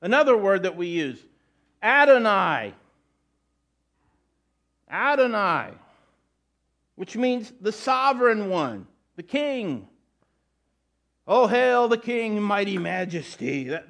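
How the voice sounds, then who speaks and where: A middle-aged male pastor delivers a sermon in a loose, conversational manner. He restarts phrases and drops in asides as he explains, his voice sitting a little higher than most men's. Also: a bit bright.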